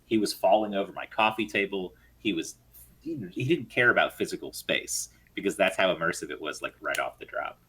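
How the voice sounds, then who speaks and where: A man's voice: sits low, a little fast, breathy edge. A man co-hosting a live gaming stream, chatting casually and drifting into tangents. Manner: rambling storyteller, lively and tangential. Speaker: podcast co-host.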